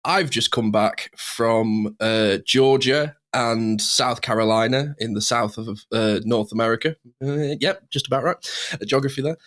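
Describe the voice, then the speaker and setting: A man's voice: mid-range voice, measured pace, a bit bright. A man, co-hosting a podcast and leading the talk with chatty, upbeat remarks. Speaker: podcast co-host. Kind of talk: casual podcast chat.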